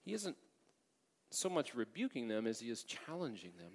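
Animated male pastor preaching in a reverberant hall. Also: medium pitch, moderate pace. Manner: animated preaching, rising loud for emphasis, often asking "right?" and "amen?". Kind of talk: sermon. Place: large church sanctuary.

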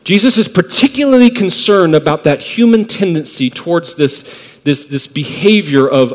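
A pastor delivers his sermon in a fairly high male voice, pressing hard on his main points and lifting into fervent peaks. He stumbles and repeats words as he hunts for phrasing. His voice trails off into the long reverb of a big sanctuary. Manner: emphatic, builds to fervent rises on key phrases.

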